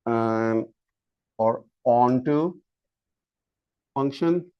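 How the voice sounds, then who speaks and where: A man lecturing a university math class, slow and halting, with frequent fillers and restarts while he draws on the board. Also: medium pitch, clear, resonant tone, dry recording. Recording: dull lo-fi lecture capture.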